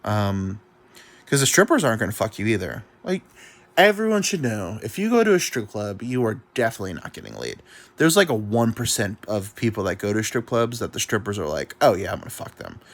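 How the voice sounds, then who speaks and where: A man's voice: big pitch swings, brisk. A young man hosting a podcast, telling rambling, self-mocking stories in casual chat, full of swearing and mumbled asides. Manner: swoops in pitch, drops to mumbles. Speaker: podcast host. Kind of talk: casual comedic storytelling.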